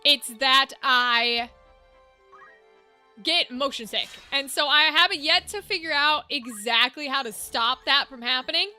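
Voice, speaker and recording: A woman streaming a game, chatting casually and thinking out loud as she sorts out gear. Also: high-pitched, measured pace. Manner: chatty, thinks aloud, easily amused. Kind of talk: casual gameplay chat. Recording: game music underneath.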